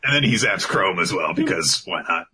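A man casually recapping an anime episode on a podcast, animated and laughing as he goes. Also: sits low, moderate pace, breathy edge. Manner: animated, laughing, slips into character voices. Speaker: podcast co-host.

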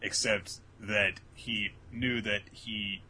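This podcast co-host has a lower voice and a slow pace, with a little hiss or hum on the recording. Chatting casually, he walks through an anime episode and bursts into loud impressions of the characters' lines.

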